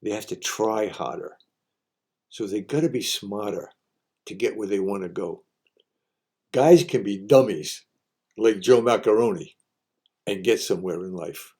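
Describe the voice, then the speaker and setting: A man's voice: fairly low pitch, measured pace, long pauses, warm tone. A man hosting a folksy monologue of homespun advice, repeating each saying for emphasis. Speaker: host sharing sayings.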